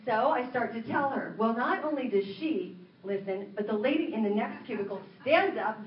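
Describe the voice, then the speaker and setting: A woman minister preaching a sermon, telling a story in an animated way and acting out the dialogue. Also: on the high side, moderate pace, slight background noise. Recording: roomy, distant, dull sound.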